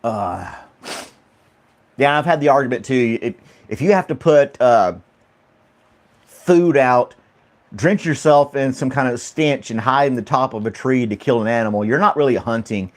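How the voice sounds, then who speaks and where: A man with a medium-pitched voice hosts a casual chat stream at a moderate pace, leaving long pauses. He laughs often and rambles through questions to his viewers while reading chat.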